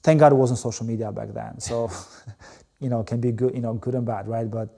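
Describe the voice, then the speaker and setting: A man's voice: medium pitch, steady tone, a little fast, gravelly, warm tone. A man, a guest telling his story emphatically in an interview, full of "you know" and repeated words. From Albania. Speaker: interview guest, former volleyball player. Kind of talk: animated storytelling in conversation.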